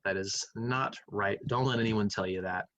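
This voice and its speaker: A man's voice: on the low side, moderate pace, a bit bright, a little hiss or hum, rough recording. A male math teacher giving a recorded lecture, going over quiz answers in a conversational, think-aloud manner. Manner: conversational, thinking aloud, hums while reading.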